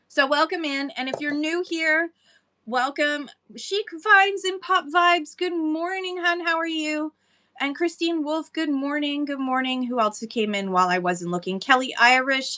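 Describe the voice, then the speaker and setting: Bright chatty woman hosting a livestream. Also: sits high, unhurried. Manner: chatty, laughs often, greets viewers by name. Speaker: livestream seller host. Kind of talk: casual livestream chat.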